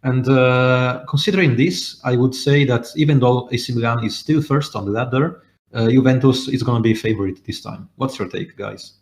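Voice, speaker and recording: A man's voice: medium pitch, moderate pace. Hesitant man talking football in an echoey room. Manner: hesitant, many "uh" fillers. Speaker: podcast co-host. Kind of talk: casual football analysis. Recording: roomy echo.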